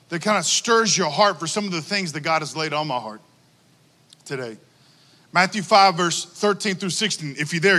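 A man preaching a sermon to a congregation, animated and calling out for responses from the crowd. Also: high voice, long reverb tail. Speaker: pastor.

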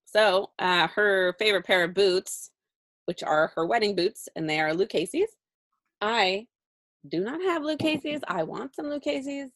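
A woman's voice: mid-range voice, expressive, measured pace, a bit bright. Giggly, chatty woman podcast co-host. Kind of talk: casual chat.

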